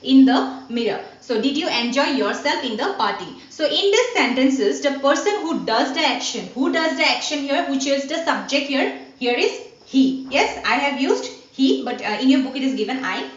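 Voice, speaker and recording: A woman teacher giving an online grammar lesson, repeating points slowly and asking "what?" to prompt her students. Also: sits high, animated. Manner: slow, repetitive teaching with rhetorical "what?" questions. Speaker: school teacher. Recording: dull, roomy recording from a distance.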